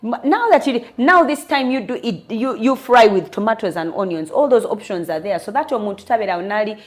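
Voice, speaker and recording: A young Ugandan woman, an interview guest, telling a candid personal story in an earnest, lively way. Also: a little high, a little fast. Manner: switches between English and Luganda, lively and earnest.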